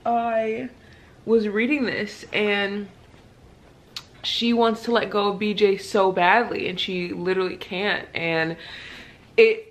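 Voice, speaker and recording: A woman's voice: mid-range voice, steady tone, slow, pauses often, distant mic, low-quality recording. A woman of thirty chatting casually to camera as a book vlogger, peppering her talk with "like" and "literally.". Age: 30s.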